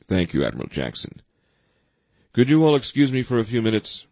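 A man reading the lines of a calm, deliberate middle-aged president in an audiobook. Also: on the low side, vocal fry, no room sound, voice pushed up, exaggerated voice. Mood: measured.

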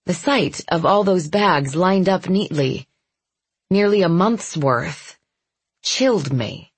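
A woman reads a first-person audiobook in a soft, intimate, measured voice. Her tone is husky and sits a little low, and the recording is close and dry, with no room sound. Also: animated, dry recording. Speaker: audiobook narrator.

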